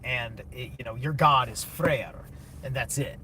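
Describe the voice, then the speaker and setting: A man's voice: medium pitch, measured pace, sharp tone, a little hiss or hum. A man streaming a blunt, casual, opinionated monologue, swearing heavily and answering chat.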